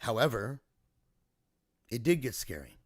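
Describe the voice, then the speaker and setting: A man's voice: medium pitch, very animated, measured pace, no room sound, clean studio sound. A man speaking earnestly and emotionally in a personal video diary, recounting a family emergency as a father. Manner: earnest, emotional, reflective storytelling.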